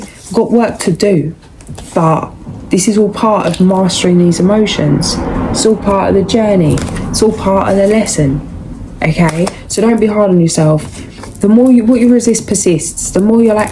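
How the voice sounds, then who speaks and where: A woman's voice: mid-range voice, moderate pace, dark tone, a little hiss or hum, rough recording. A young woman giving a casual, rambling tarot reading, chatty and full of slang. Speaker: tarot reader.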